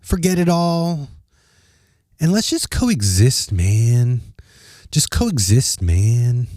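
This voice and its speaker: A man putting on a mellow surfer-dude drawl. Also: medium pitch, sing-song, very slow, dry recording, studio quality. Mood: easygoing. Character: laid-back male surfer dude, carefree.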